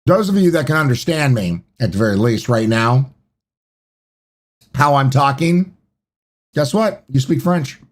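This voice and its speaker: A man's voice: mid-range voice, sing-song, unhurried, pauses often. A man hosting a live stream, chatting casually and greeting viewers by name. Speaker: streamer and podcast host.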